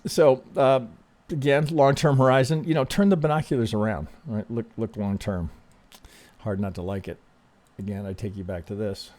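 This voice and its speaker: A man hosting casual chart analysis, speaking in a calm, reassuring way, often restarting sentences and checking in with "right?". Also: fairly low pitch, moderate pace. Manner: conversational, frequent restarts, ends thoughts with "right?". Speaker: trading analyst host.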